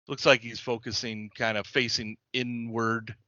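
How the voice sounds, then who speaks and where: A man's voice: mid-range voice, flat delivery, a little slow, bright, forceful tone, no room sound. A man running a tabletop game as game master, rambling with fillers and laughing often. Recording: dull lo-fi dry recording.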